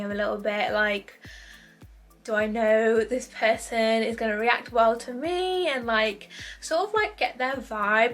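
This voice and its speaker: A woman's voice: a little high, a bit bright. A young woman chatting casually on her vlog, answering viewer questions with lots of fillers and giggles. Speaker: YouTuber. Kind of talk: casual chat.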